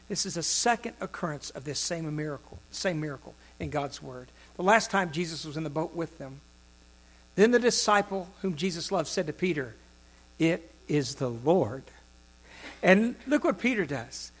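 A man preaching a sermon, acting out the voices in the stories he tells and swinging from loud to soft. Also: high-pitched. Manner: dramatic, acts out quoted voices with big swings in loudness.

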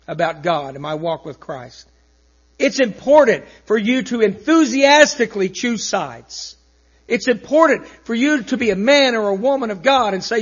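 A man delivers a sermon in a high, husky voice, emphatically driving points home loudly before dropping to soft, low asides. The recording is dull and lo-fi, with mains hum underneath.

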